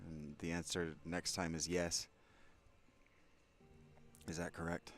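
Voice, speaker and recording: A man casually commenting while playing a video game, soft-spoken and reflective. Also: sits low, level tone, a little slow, long pauses. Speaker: game streamer. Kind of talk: casual let's-play commentary.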